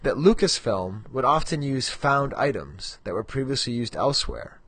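A man's voice: mid-range voice, sing-song, moderate pace, fairly bright tone, slightly rough, no room sound. A middle-aged man co-hosting a podcast in casual, rambling chat, laughing at himself often. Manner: rambling, self-mocking, frequent ums and laughs. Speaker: podcast co-host.

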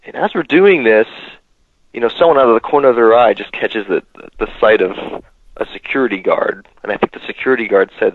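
A man's voice: lowish voice, a little fast, dry recording, dull audio. A man guest on a podcast telling a story casually, laughing often and leaning on fillers.

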